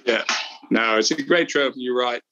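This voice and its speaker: A man's voice: mid-range voice, normal speed, pushed and bright, lo-fi sound. A middle-aged man, a golf analyst and former champion, chatting casually and telling rambling anecdotes. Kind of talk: casual podcast chat.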